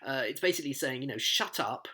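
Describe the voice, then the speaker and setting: A man's voice: medium pitch, lively intonation, fast talker, pushed and bright, husky. A man teaching a play, explaining it line by line in a chatty way, with asides and quoted lines read aloud. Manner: reads quoted lines aloud in voices and sings snatches. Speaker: literature teacher.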